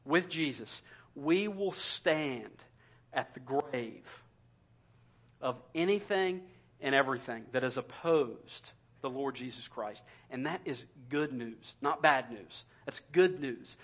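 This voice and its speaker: Male pastor, emphatic sermon delivery, a little high-pitched, muffled church recording. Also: a bit bright. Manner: impassioned preaching, emphatic repetition.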